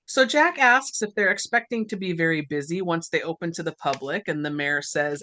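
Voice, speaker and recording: Woman doing a movie podcast, super lively voice, laughs a lot, dry sound. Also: lowish voice, unhurried, dry recording. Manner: laughs often, animated storytelling. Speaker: podcast host. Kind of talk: casual movie recap chat.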